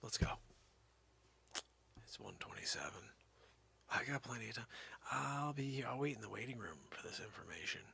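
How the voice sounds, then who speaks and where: Gravelly, playful man doing goofy comedy. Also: mid-range voice, animated, moderate pace, long pauses. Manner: goofy, jumps between whispers and loud silly character voices; rambling and playful. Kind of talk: stand-up comedy monologue.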